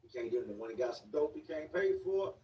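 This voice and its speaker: A man's voice: medium pitch, animated, fairly quick, dark tone. A man telling a first-person story in blunt street slang, casually acting out the voices of the people in it. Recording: echoey room, mic at a distance, faint background noise.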